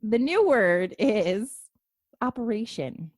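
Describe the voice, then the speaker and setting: A woman hosts a podcast in a playful, teasing way, her pitch swinging high and low as she talks. She puts on a mock-formal tone to tease her guest. The recording is dry and close-miked. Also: very animated, slow pace, darkish tone, no echo. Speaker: podcast host. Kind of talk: playful casual chat.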